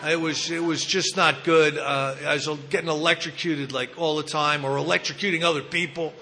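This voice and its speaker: A man's voice: a little high, steady tone, moderate pace, pushed and bright. A man giving a personal recovery talk, telling his story candidly with self-mocking humor. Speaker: recovery speaker at a support meeting.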